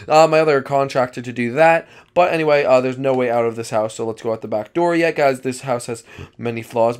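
A man giving excitable Minecraft roleplay commentary and chatting to his viewers. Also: medium pitch. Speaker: gaming YouTuber.

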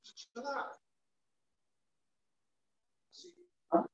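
A male teacher giving a classroom lecture to students, animated and playful, acting out examples as he goes. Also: very slow. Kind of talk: classroom lecture on public speaking. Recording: echoey classroom from far off, dull.

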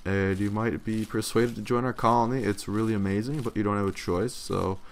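A man's voice: lowish voice, fairly even intonation, brisk, slight background noise. A young man giving casual, rambling gameplay commentary, swearing freely and yawning often. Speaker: let's play commentator.

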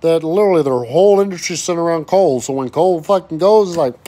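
A man's voice: on the high side, quick pace, mellow. A man, an oil and gas worker ranting angrily to camera, swearing heavily and stumbling over repeated words. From West Texas. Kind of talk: angry profane rant to camera.

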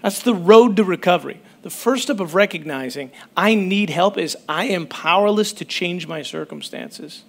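High-voiced man preaching conversationally. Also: normal speed, few pauses. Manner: conversational, animated, breaks off mid-sentence. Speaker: pastor. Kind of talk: sermon.

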